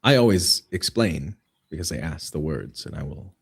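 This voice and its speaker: Canadian-raised male guest, very low husky voice, jokey and musing. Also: moderate pace. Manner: expressive, jokey, philosophical. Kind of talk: casual chat.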